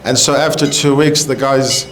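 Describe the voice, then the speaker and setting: A man telling jokes on a comedy show in a halting, rambling way, full of fillers. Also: mid-range voice, steady tone, fairly bright tone, slight background noise, low-quality recording. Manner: halting, rambling, with bursts of exaggerated crying in his jokes. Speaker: comedy show joke teller. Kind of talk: casual joke telling.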